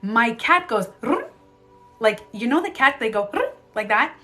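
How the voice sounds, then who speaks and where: Streaming live from a bedroom at home, this woman, a beauty coach, spins a casual story packed with fillers and acted-out reactions. Her voice is on the high side, pushed and bright, with lively intonation at normal speed over faint music.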